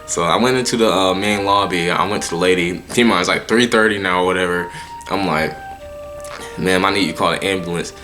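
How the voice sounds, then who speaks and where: A young man telling a storytime in a lowish voice with a bright, forceful edge. His delivery is animated and heavy on slang and swearing, and he often stumbles and restarts mid-sentence. Faint music plays behind him. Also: brisk. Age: young adult. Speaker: vlogger telling a personal story. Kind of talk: casual storytime monologue.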